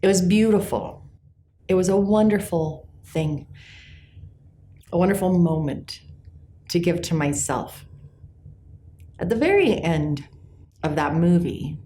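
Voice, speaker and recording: Middle-aged woman, lowish voice, earnest reflective vlogger, soft delivery. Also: expressive. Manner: gentle and earnest, slowing on key words. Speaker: class teacher sharing personal reflections. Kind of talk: reflective personal talk to camera.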